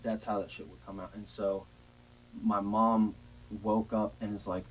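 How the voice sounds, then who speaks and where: A young man casually telling a long, profane story in a rambling, animated way. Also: lowish voice, normal speed, dull audio. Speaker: storyteller guest.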